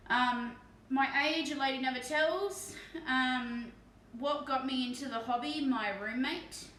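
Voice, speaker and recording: A woman's voice: high-pitched, pushed and bright, far from the mic, slight background noise. A woman from Perth with an Australian accent, chatting casually and swearing as she paints miniatures on a live stream. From Perth, Western Australia. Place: room at home. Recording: echoey room, voice off mic.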